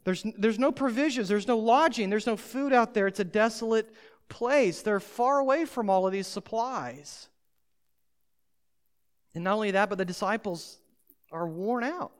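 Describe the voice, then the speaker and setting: A long hall reverb surrounds a pastor's smooth, medium-pitched voice as he preaches at normal speed. He is emphatic and addresses his listeners head-on.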